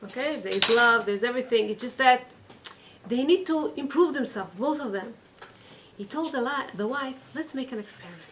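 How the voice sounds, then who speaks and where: A woman's voice: fairly high pitch, animated, moderate pace, noisy background. A woman teaching a religious class, telling a story and acting out the quoted voices. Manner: acts out quoted voices, repeats phrases for emphasis. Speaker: teacher of a weekly Torah class. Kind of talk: storytelling lesson.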